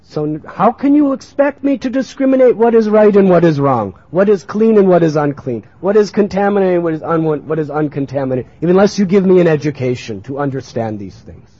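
A man's voice: high-pitched, big pitch swings, a little slow, pauses often, warm tone, husky, no room sound, voice pushed up, exaggerated voice. A man voicing a young divine boy who speaks with earnest confidence, on a muffled lo-fi recording. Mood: pleading. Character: young boy, divine and boldly self-assured.

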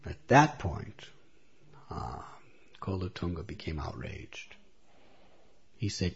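A man's voice: low-pitched, sing-song, slow, vocal fry, long pauses, slightly rough. A man telling a devotional story as a speaker in a religious talk, in a dull lo-fi recording.

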